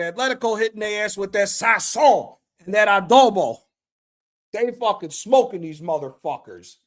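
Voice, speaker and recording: A man streaming a live reaction to a football match, excitable and profane, trash-talking the players. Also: sits high, normal speed. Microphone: streaming mic.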